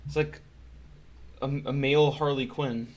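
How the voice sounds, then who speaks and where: A man's voice: medium pitch, fairly even intonation, a little slow, darkish tone, lo-fi sound. A man streaming casual reaction commentary, joking and swearing often.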